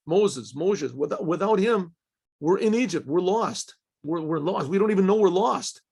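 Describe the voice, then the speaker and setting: A man, a rabbi, giving a Torah class in a halting way, restarting phrases, clearing his throat often and asking himself questions he then answers. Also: high voice, animated, a little mellow.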